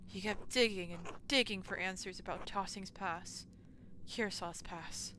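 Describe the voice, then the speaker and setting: A woman's voice: mid-range voice, a little slow, background noise, close to an everyday voice. Woman reading as a grim old priest. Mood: solemn. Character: older male priest confessing, grim and resigned.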